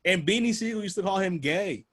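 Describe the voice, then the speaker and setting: A man's voice: sits high, expressive, brisk, a bit bright. A man hosting a casual podcast chat, telling loose, profane stories and acting out the people he quotes. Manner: loose, profane storytelling that acts out quoted voices. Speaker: host.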